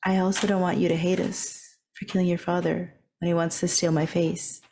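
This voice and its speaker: A woman's voice: on the low side, level tone, brisk, a little mellow. A woman playing a tabletop game in a playful, chatty way. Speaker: player. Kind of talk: casual tabletop game play.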